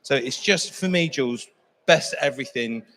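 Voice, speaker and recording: A man's voice: medium pitch, a bit bright. A man giving enthusiastic expert commentary on classic cars at an auction. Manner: fast, enthusiastic, opinionated. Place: auction hall. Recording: echoey auction hall.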